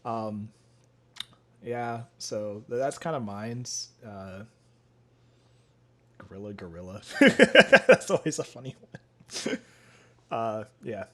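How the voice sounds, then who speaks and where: A man's voice: lowish voice, very animated, slow pace, pauses often, bright, forceful tone. A young man hosting a casual podcast, rambling with lots of fillers and laughing often. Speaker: podcast host. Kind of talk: casual chat.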